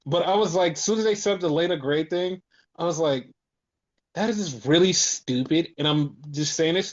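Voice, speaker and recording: A man hosting a casual podcast, telling stories excitedly and swearing constantly. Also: on the high side, highs cut off. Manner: excited, profane storytelling. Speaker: podcast host.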